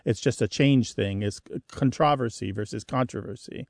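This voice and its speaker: A man co-hosting a radio call-in show, explaining with measured examples. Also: lowish voice, vocal fry, warm tone, no room sound, clean studio sound. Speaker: co-host of a language call-in show.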